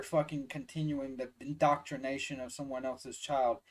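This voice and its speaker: A man's voice: mid-range voice, little pitch movement, normal speed, hardly any pauses, poor audio. A man with a Southern US accent giving heated, emphatic reaction commentary, swearing often and stressing words one by one. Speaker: reaction video host.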